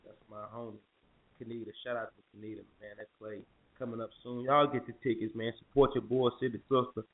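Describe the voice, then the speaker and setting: A man's voice: mid-range voice, level tone, brisk. A man hosting a morning talk show in a loose, jokey, slangy way. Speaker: radio show host. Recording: tinny phone-like sound with faint music.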